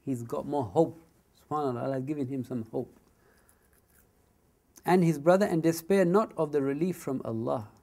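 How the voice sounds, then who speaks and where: Gravelly man teaching Quran commentary. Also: a little high, mellow. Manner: recites Arabic verses quickly, then explains in English with frequent asides. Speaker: Islamic teacher explaining Quran verses. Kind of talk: Quran tafsir lesson, recitation and explanation.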